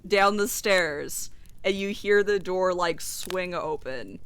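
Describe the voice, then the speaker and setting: A woman game master describing sounds and scenes for her players. She speaks in a measured, deliberate way at a slow pace. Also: on the low side, heavy background noise. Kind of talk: narrating a tabletop game.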